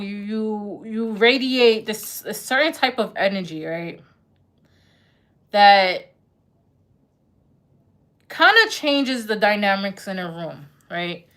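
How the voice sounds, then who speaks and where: A woman's voice: mid-range voice, fairly bright tone. A woman giving a casual live-stream tarot reading, chatty and full of "like" and "right?", who says her accent is thick. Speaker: tarot reader.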